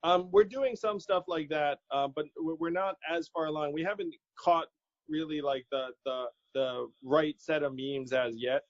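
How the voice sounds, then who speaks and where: Here a political candidate in an interview speaks in a slightly high, steady voice at normal speed. He's casual and animated, laughs easily, and quotes people in his anecdotes. Sound is dry, dull and lo-fi.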